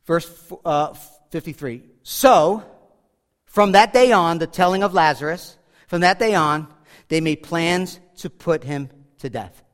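A man's voice: fairly high pitch, a little slow. A pastor preaching a sermon, talking casually with asides and humor as he walks through a passage. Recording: hall reverb.

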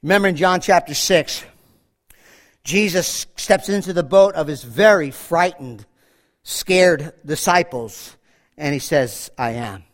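Male preacher, pretty high voice, loud then soft, keeps restarting his words. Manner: animated, dramatic swings in volume, slows for quotations; repeats words and restarts mid-phrase. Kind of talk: sermon.

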